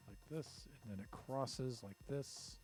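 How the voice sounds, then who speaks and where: A man's voice: mid-range voice, a little slow, a little mellow, soft background music. A man streaming a building game, counting blocks aloud and talking to himself as he works. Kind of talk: casual commentary while building in a game.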